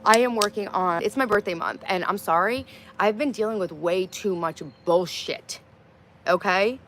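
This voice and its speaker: A woman's voice: mid-range voice, normal speed, fairly bright tone, slight background noise. A woman in her thirties hosting a casual livestream, chatting bluntly with viewers, reading their comments aloud and swearing freely. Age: 30s. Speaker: livestream host. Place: outdoors in her garden.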